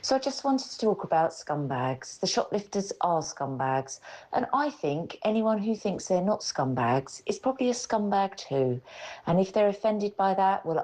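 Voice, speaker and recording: Woman on talk radio, low mellow voice, blunt and opinionated. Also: low-quality recording. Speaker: caller. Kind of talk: phone-in comment.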